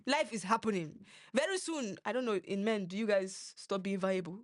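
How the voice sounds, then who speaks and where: A woman's voice: medium pitch, moderate pace, no echo. Podcast co-host: young woman, playful rambler, dry close sound. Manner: rambling, playful, slips between accents. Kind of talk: casual podcast chat.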